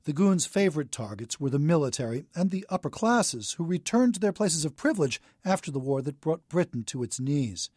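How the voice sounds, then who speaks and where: A man giving measured, scripted documentary narration. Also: on the high side, expressive, a little mellow, slightly rough, dry recording, clean studio sound.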